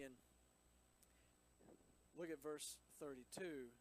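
High-voiced man teaching scripture. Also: slow, pauses often, slight background noise, low-quality recording. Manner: chatty asides, checks in with listeners. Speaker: Bible teacher. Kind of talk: casual Bible teaching with scripture reading.

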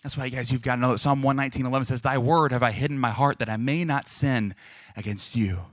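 A man in his twenties, a pastor preaching a sermon that moves from casual storytelling to loud, forceful preaching. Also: mid-range voice, steady tone, fast talker, no room sound. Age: 20s.

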